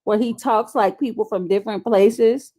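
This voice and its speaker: A blunt woman jokes and swears her way through a casual group chat. Her voice sits at a middle pitch and sounds plain and natural. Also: fairly even intonation, normal speed, warm tone. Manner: blunt and joking, swears freely. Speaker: guest.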